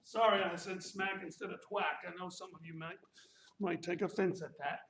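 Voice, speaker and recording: A man's voice: sits high, steady tone, normal speed, a bit bright, a little hiss or hum. A male martial arts instructor leading a live workout class, counting reps aloud and cracking playful, corny puns in an echoey studio. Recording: echoey room.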